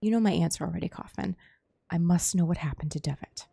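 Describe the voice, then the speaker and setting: A grave male doctor narrating a dark mystery game, read by a woman, quiet and plain in delivery. The voice sits low with a gravelly edge. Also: fast talker, no echo, soft background music.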